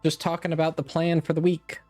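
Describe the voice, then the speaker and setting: A man's voice: on the high side, completely flat delivery, fairly quick, a little mellow, faint music behind. A man hosting a gaming stream, chatting casually and upbeat, laughing often while he plays.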